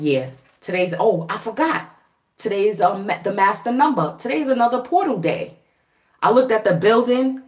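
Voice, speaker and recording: A woman vlogger telling a story to her viewers in a casual, animated way, swearing freely and laughing often. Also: on the low side. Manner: animated, profane, laughing, acts out quoted voices. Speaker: spiritual reader and vlogger. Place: at home.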